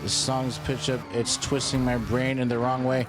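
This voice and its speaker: A man's voice: medium pitch, little pitch movement, moderate pace, noisy background. A young man streaming a racing game, chatting casually and goofily, repeating phrases for fun. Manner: goofy, repeats phrases playfully. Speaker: gaming streamer. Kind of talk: casual livestream commentary.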